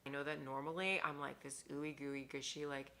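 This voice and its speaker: Low, gravelly-voiced woman vlogging emphatically. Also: flat delivery, moderate pace, a little hiss or hum. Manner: emphatic, scolding, swings between loud stresses and whispers. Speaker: mindset coach. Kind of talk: casual vlog monologue to camera.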